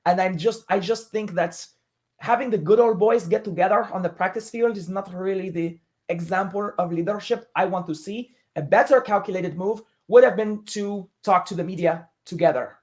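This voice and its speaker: Measured woman guest giving opinions. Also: medium pitch, a little mellow. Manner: measured, opinionated, with military comparisons. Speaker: podcast guest. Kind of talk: casual sports talk.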